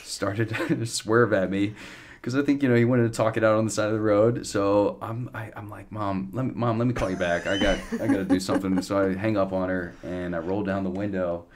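A man in his thirties, a podcast guest, telling a long story in a casual, animated way with lots of restarts and fillers. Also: on the low side, a little fast, slight background noise.

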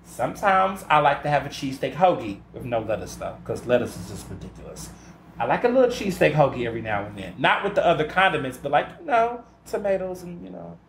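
A sassy man hosts a podcast in an emphatic, chatty voice that sits a bit high for a man. He often stops to ask "okay?" for emphasis. The room is roomy and echoey, with faint ambient hiss behind him. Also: very animated, fast talker, creaky. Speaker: podcast host. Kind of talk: casual solo chat.

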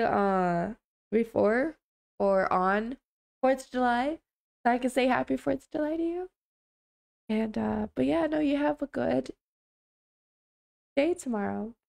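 A woman's voice: a little high, gravelly, a little mellow. A young woman livestreaming, chatting casually with viewers on a headset mic, apologetic and laughing often.

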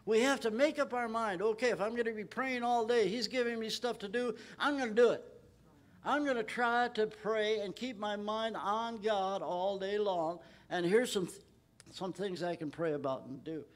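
A man preaching at a Bible study in a church, emphatic and rising in pitch when he quotes scripture. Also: moderate pace. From Texas. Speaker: pastor.

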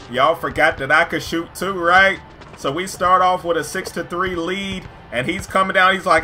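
A man commentating his own basketball video game with hype, jumping from loud shouts to low, joking asides. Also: moderate pace, a little hiss or hum. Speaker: gaming YouTuber commentating his own play. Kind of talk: excited gameplay commentary.

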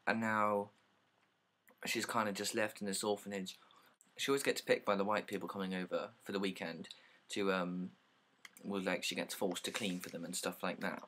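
A man's voice: low-pitched, flat delivery, moderate pace, fairly bright tone, low-quality recording. A young man casually summarizing plays, rambling with lots of likes and ums and casual swearing.

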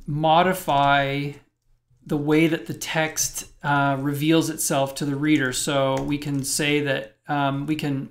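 A man's voice: a little high, fairly bright tone. Man explaining code step by step. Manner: thinks aloud while typing, explaining step by step. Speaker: web programming instructor. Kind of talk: screencast coding lecture.

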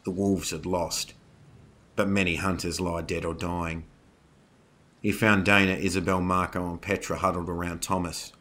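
A man with a very deep voice narrates a scripted horror tale. His tone is bright and forceful despite the low pitch. He tells the story in a steady, dramatic way. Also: moderate pace.

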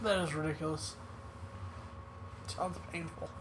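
A man's voice: on the high side, fairly even intonation, a little slow. A man on a podcast chiming in with short reactions in casual chat. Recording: clearly noisy recording.

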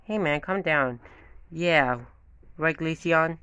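A man's voice: on the high side, takes it slowly, sharp tone, smooth, dry recording. A man voicing a nervous young groom and his friends in hobby voice acting, rambling and repetitive. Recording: dull lo-fi with faint music.

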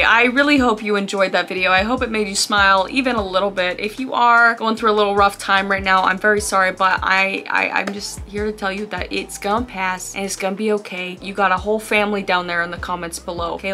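A woman in her thirties hosting a casual comedy reaction video, animated and quick to joke. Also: mid-range voice. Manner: animated, laughing, jokey asides. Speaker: host reacting to funny videos.

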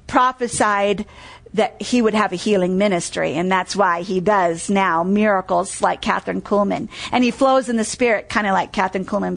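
Speaking in a medium-pitched voice, a woman preaches a sermon full of stories and scripture readings. She drives points home by repeating key phrases and asking the congregation "what?".

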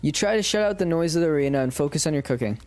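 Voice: mid-range voice, animated, rapid-fire, a little mellow, soft background music. A streamer casually reading a dating sim aloud on a live stream, swearing and laughing at their own slips.

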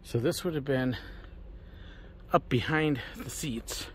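Speaking slowly at a medium pitch, with a little hiss or hum in the audio, this host guides viewers around an open-air Roman amphitheater. He's a bit winded, recording on a handheld camera without a mic, and lively, at times projecting theatrically.

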